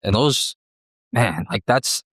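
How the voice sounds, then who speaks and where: A man's voice: medium pitch, expressive, takes it slowly, a bit bright, no echo, studio quality. A man hosting a casual interview, laid-back and slangy with plenty of swearing. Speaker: podcast host. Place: cafe.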